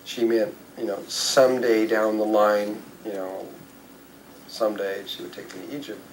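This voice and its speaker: Older man, spiritual speaker, rambling anecdotal storytelling, slightly low voice, faint background noise. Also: flat delivery, normal speed, rough recording. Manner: rambling anecdotal, with fillers and self-corrections. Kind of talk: storytelling talk to an audience.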